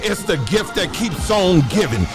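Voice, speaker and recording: A man putting on the voice of a showy male preacher who shouts and half-sings while he asks for money, laughing in between. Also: high voice, big pitch swings, normal speed, loud music behind the voice, pitched above the performer's own voice. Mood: mocking preacher.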